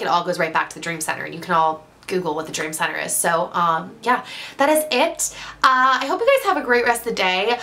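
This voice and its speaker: A woman's voice: mid-range voice, sharp tone. A young woman vlogger giving casual, earnest encouragement to her viewers, gushing and full of "like" and "you know.". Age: young adult. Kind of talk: casual motivational talk to camera.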